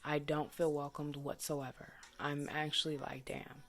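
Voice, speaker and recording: A young adult woman vlogger vents about a frustrating personal experience in a blunt, profane, casual monologue packed with indignant rhetorical questions. Her voice sits low, with little pitch movement, at normal speed.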